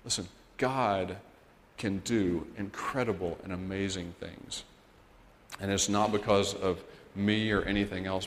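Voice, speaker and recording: Male missionary preacher, lowish voice, earnest sermon, long church-hall echo. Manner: earnest, building to emphatic points. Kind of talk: sermon with personal storytelling.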